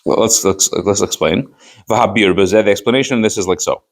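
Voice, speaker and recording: A rabbi speaks briskly in a lowish voice while teaching a Chassidus class on a rabbinic text. For this Torah study, he reads the Hebrew and then explains it in English, asking emphatic rhetorical questions.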